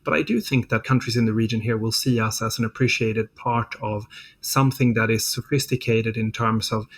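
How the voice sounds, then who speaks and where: A middle-aged man speaking as a diplomat in a policy interview, measured and thoughtful, often filling pauses with "you know". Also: lowish voice, steady tone.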